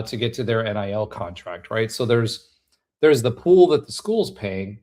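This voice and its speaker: A man's voice: on the low side, a little mellow. A man hosting an interview show, laying out a point before asking his question. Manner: conversational, explaining before asking. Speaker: podcast host.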